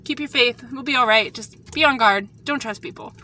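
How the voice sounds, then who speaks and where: Woman, casual storytime vlog, rambling, earnest, high bright voice. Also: moderate pace, slight background noise. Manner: rambling, shaken, earnest warning. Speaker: vlogger.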